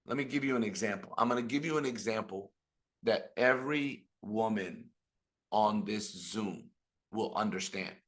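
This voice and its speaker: A middle-aged man giving an animated motivational business talk on a video call, telling stories and speaking to the audience directly. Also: on the low side, normal speed. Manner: animated storytelling with audience asides. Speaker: business trainer.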